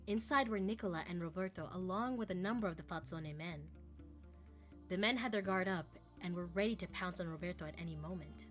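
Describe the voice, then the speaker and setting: A playful woman streamer with a bright, forward voice, cracking jokes and reading the game text aloud. Soft music plays faintly behind her. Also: on the low side. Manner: playful, joking, laughs often, reads story text aloud.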